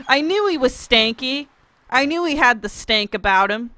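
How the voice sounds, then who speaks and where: A woman's voice: high voice, lively intonation, slow pace, long pauses, sharp tone. A woman commenting while playing a farming game, joking and swearing freely. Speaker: gamer. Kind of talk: let's play commentary.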